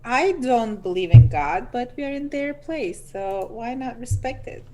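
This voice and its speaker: A woman playing in a tabletop game, speaking in a halting, relaxed way. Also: fairly high pitch, slight background noise. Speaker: player. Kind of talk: casual tabletop play.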